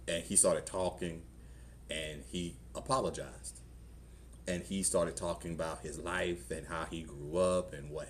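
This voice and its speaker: Man, middle-aged, Southern US accent, pastor, very deep voice, relaxed storytelling sermon, faint hum of a church. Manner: conversational storytelling, acts out quoted voices. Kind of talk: testimony sermon.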